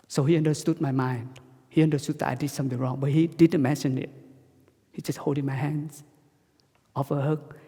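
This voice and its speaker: Male Buddhist monk; soft, halting dharma talk in a hall with long reverb. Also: on the high side, steady tone, breathy edge. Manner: halting, simple English with frequent restarts.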